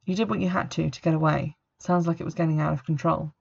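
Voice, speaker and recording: A woman voicing a gentle, anxious teenage boy who speaks softly to calm a friend, recorded on a dull lo-fi setup. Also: deep voice, fast, gravelly, breathy edge, exaggerated voice. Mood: reassuring. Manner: soft, calming.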